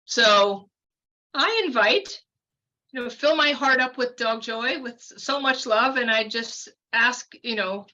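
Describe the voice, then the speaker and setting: Bright-voiced woman in her fifties telling a story. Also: fairly high pitch, a little slow, highs cut off. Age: 50s. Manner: chatty, meandering, full of fillers and asides. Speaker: podcast guest. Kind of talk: casual storytelling.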